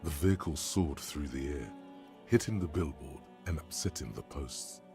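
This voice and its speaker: A grave, very deep game narrator. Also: male voice, animated, over music. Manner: measured, descriptive delivery.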